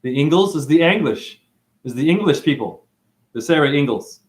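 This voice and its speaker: A man rambles through a livestream monologue, stringing words together in playful sing-song riffs. His voice sits a little high and swoops widely, jumping into sudden whoops before dropping into drawling asides. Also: expressive, moderate pace. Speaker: online show host.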